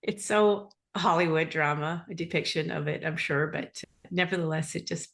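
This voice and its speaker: A woman from Canada hosts a podcast in a low voice. She is bubbly and effusive, with playful asides and quick praise for her guest. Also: steady tone, gravelly, a bit bright. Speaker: podcast host. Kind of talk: casual interview chat.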